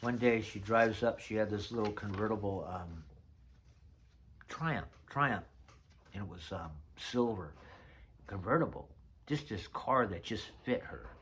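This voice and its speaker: Low-voiced older man reminiscing. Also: unhurried, long pauses, fairly bright tone, a little hiss or hum. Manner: chatty storyteller, drifts off mid-thought. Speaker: vlogger. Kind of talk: casual reminiscing vlog.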